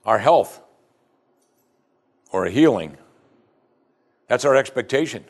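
A man's voice: medium pitch, slow. A man preaching a sermon as pastor, teaching from scripture and acting out the prayers of his listeners. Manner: animated preaching, acts out prayers in quoted voices.

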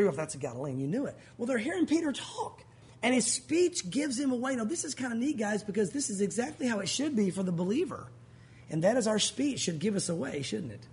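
A man from Tennessee with a light Southern accent, preaching a sermon as pastor, talking fast and acting out little scenes as he tells stories. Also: high-pitched, husky. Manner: fast-talking, animated storytelling with acted asides.

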